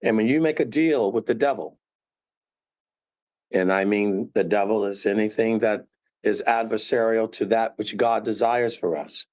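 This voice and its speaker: A man teaching scripture conversationally, animated and acting out tones of voice to make his points. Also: lowish voice, normal speed, dull audio. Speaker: Bible teacher.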